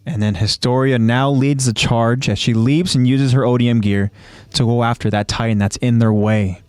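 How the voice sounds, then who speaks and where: A man co-hosting a podcast, calmly recapping anime scenes in a casual discussion. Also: medium pitch, normal speed, clean tone, dry recording. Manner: recaps scenes in a steady, explanatory way. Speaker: podcast co-host.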